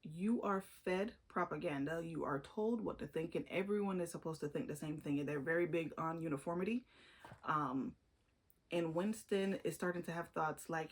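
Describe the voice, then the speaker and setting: A woman's voice: sits low, moderate pace, breathy edge. A woman giving a casual, chatty book review, emphatic and full of opinionated asides.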